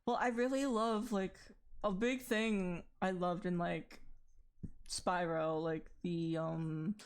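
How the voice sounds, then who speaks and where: A woman's voice: lowish voice, steady tone, slow pace. A woman streaming while she draws, chatting casually with a friend and her chat, laughing often and swearing freely. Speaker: art streamer.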